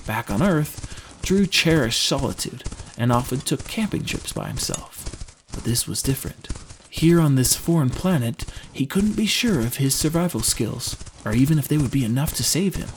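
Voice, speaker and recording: A man narrates a fantasy audiobook expressively, in a storytelling style. He has a mid-range voice and moderate pace, with a little hiss or hum in the background.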